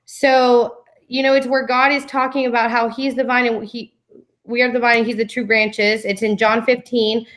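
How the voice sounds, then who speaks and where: Animated twenty-something woman, slightly high. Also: normal speed. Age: 20s. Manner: lively, slips into playful voices for quotes. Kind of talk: animated faith-based chat with scripture reading.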